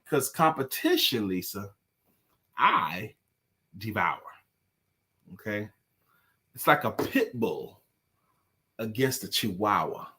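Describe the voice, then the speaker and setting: A man co-hosting a casual live-stream chat, telling dad jokes and laughing loudly at them and greeting viewers by name. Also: fairly low pitch, sing-song, slow, pauses often, slightly rough. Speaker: co-host.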